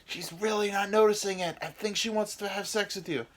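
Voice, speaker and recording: A man's voice: high voice, steady tone, fairly quick, pitched above the performer's own voice. A man putting on a pushy, cheering penis-coach voice. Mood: eager cheering. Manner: cheering, urging, exasperated yelling. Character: man's penis as pushy third-base coach, eager, cussing.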